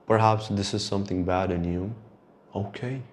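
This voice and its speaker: This young male podcast host delivers a reflective, rambling monologue, swearing casually as he goes. He speaks at a normal speed in a fairly low-pitched voice.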